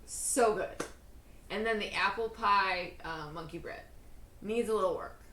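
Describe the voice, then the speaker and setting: A woman's voice: mid-range voice, measured pace, bright, forceful tone. Bubbly woman host in an echoey kitchen. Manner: bubbly, self-deprecating, rambling with fillers. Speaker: host of a cooking show. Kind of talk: casual cooking vlog chat.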